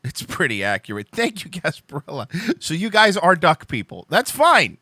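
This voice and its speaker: A man's voice: on the high side, huge pitch swings, moderate pace, sharp tone, dry recording. A young man hosting a live stream, rambling and joking with his viewers, swearing freely and laughing often. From Cuban heritage. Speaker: livestream host.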